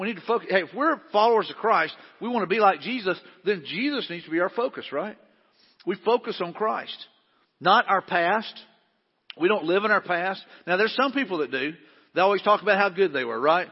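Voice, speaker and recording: Folksy pastor in a reverberant hall. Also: male voice, sits high, brisk, husky. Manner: folksy, conversational with frequent restarts. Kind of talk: sermon. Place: large church hall. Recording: muffled hall recording with long reverb.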